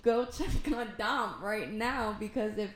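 A woman's voice: mid-range voice, measured pace. Giggly young woman in an echoey room. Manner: giggly, teasing. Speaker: podcast co-host. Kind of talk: casual chat. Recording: echoey room with faint noise.

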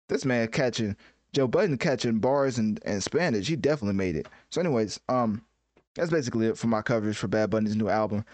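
A man's voice: fairly low pitch, expressive, fairly quick, darkish tone, dry recording. A man giving casual, joking reaction commentary on a music album, self-mocking and full of fillers like "right?" and "you know.".

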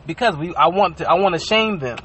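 A podcast co-host with a high, brisk voice chats casually, telling animated, profane stories and acting out quotes. There's a little hiss or hum in the recording.

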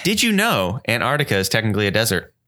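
A man's voice: lowish voice, sing-song, quick pace, pushed and bright. A man co-hosting a casual chat show, cutting in with sarcastic, dry quips. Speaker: podcast co-host.

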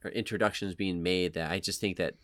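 A man's voice: sits low, steady tone, a little fast, fairly bright tone, no room sound, clean studio sound. A man co-hosting a podcast, talking loosely and rambling, with many restarts. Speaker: podcast co-host. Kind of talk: casual chat.

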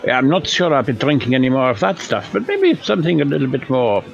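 A man's voice: medium pitch, huge pitch swings, fast talker, gravelly, faint music behind. A man playing a tabletop game, wry and a bit hesitant. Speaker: player. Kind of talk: casual tabletop play. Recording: dull lo-fi audio.

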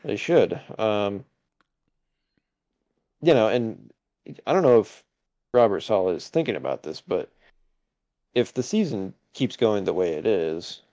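A man co-hosts a casual sports podcast, pausing often and filling gaps with hesitant ums. His low voice sounds somewhat dull and lo-fi. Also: very animated, warm tone. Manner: hesitant, many fillers, chuckling asides. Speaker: podcast co-host.

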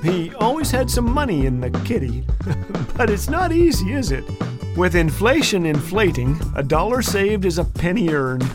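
A man's voice: sits high, no echo, studio quality. A man hosting a radio show, delivering a scripted humorous monologue in a playful, joking way and chuckling at his own lines.

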